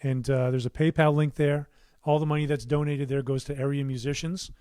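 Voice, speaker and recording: A man's voice: mid-range voice, little pitch movement, fairly quick, clean tone, no room sound. A middle-aged man hosting a casual livestream from his recording studio, rambling between answers with plenty of fillers and restarts. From United States. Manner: rambling, warm asides, many fillers and restarts.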